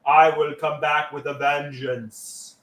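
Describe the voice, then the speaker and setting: A man doing a slow, hulking action-hero tough guy, put-on Austrian accent. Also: fairly high pitch, level tone, a bit bright, pitched below the performer's own voice. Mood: menacing. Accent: put-on thick Austrian accent. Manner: slow, heavy, clipped threats. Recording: roomy, from a distance.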